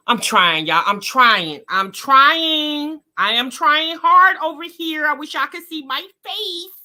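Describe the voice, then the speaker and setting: A woman hosting a reaction show, commenting with loud, teasing exclamations. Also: high-pitched, expressive, slow, few pauses.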